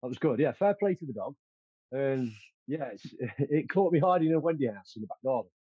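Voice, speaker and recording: Interview guest: man, low dark husky voice, confident and boastful, slightly muffled sound. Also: expressive, a little fast, no room sound. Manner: confident, boastful, frequent fillers and restarts. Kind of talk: casual storytelling.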